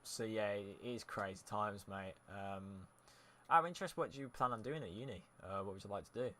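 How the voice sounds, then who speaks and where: A young British man streams a football game, chatting casually with viewers, answering their chat messages, and reacting as he narrates the gameplay. His voice sits on the low side, brisk and a bit bright.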